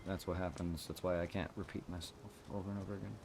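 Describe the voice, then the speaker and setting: Tired, monotone man with a very low voice. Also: quick pace, creaky, background noise. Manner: self-deprecating, apologetic. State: tired, sore throat. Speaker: game streamer. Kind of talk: casual live gameplay commentary.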